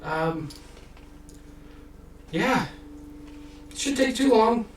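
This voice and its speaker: A man's voice: animated, extremely slow, full character voice. A man voicing a fussy, flustered old male halfling cart driver in a tabletop game. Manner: squeaky, flustered exclamations. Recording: roomy, distant, noisy room mic.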